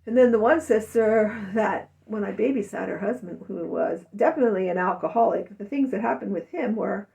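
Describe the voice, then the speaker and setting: A woman's voice: medium pitch, fairly quick, creaky, hardly any pauses, mellow, recorded from a distance, low-quality recording. A middle-aged woman talking through a rambling, emotional personal monologue, sometimes mimicking her family's words. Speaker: vlogger.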